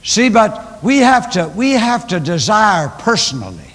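Older pastor, high voice, emphatic storytelling sermon, long church reverb. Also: male voice, sing-song, unhurried, fairly bright tone. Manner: emphatic preaching, storytelling with repetition. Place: large church.

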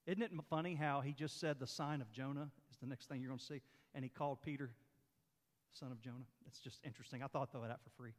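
A man with a Southern American accent, preaching a sermon as pastor in a folksy, animated way and reading scripture dramatically. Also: mid-range voice, fast talker. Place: church sanctuary. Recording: long hall reverb in church.

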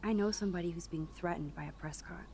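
Wry young student. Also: female voice, on the low side, fast talker, creaky, mellow, a little hiss or hum. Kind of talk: video game dialogue.

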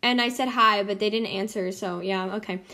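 A woman's voice: mid-range voice, steady tone, normal speed, pushed and bright. A young woman hosting casual game commentary, bubbly and giggly, swinging between squeals and mutters. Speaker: gaming channel host.

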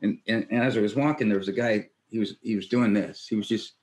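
A man's voice: on the low side, steady tone, fast talker, darkish tone. A man in his sixties, a retired army general, telling earnest anecdotes in a conversational interview, quoting others and chuckling lightly. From United States.

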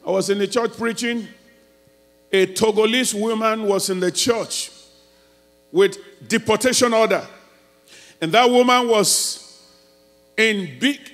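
A man preaching a sermon as pastor, who swings from quiet storytelling to loud shouted preaching. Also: high voice.

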